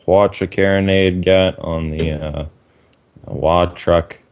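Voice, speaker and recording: A man's voice: deep voice, fairly even intonation, takes it slowly, muffled recording. A man co-casting a game, analytical and laid-back, chuckling as he explains tactics. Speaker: esports co-caster. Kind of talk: live game commentary.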